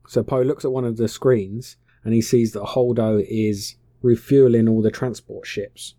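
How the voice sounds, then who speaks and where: A man's voice: lowish voice, steady tone, measured pace, few pauses, mellow, dry recording, clean studio sound. A man casually retelling a film plot, offhand, slangy and full of swearing. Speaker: film recapper. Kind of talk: casual comic film recap.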